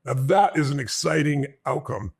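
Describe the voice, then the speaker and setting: Gravelly husky man telling his story. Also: a little high, normal speed. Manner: animated storytelling, acts out his own past lines. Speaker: interview guest. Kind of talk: personal storytelling in an interview.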